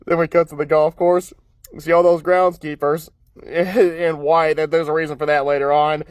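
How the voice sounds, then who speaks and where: A man with a high, light voice recaps a cartoon episode in a relaxed, rambling way, laughing quietly between points. His voice sounds dry and close, with no room echo around it. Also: moderate pace. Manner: chuckles often while recapping, upbeat and rambling; frequent filler "uh" and restarts.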